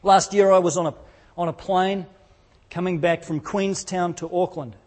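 A man's voice: sits high, steady tone, moderate pace, darkish tone. A man preaching a sermon in church, telling the story with energy and acting out the quotes. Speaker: pastor.

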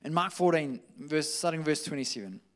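A man preaching a conversational sermon, lively and informal, slipping into quoted voices. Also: on the high side, a little fast. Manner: conversational, animated, with restarts and acted quotes.

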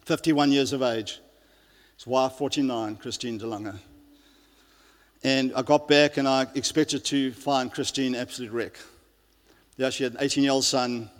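A man's voice: mid-range voice, fairly even intonation, normal speed, long pauses. A male pastor giving an earnest sermon, often restarting his sentences and using fillers. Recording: long reverb of a large hall.

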